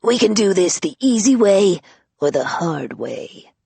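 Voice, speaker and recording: Lady doing a young woman putting on a gravelly fake tough-guy rasp, dry sound. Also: mid-range voice, sing-song, a little slow, dark tone, no room sound, full character voice. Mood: gruff rasp. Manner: rasping, put-on gruff. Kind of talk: audiobook character voice.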